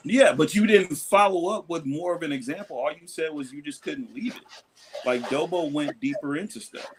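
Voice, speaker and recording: A man's voice: on the high side, normal speed, rough recording. A man in casual stream talk as a guest, blunt and argumentative, swearing freely. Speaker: guest debater. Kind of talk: casual livestream chat. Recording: loud crowd noise behind.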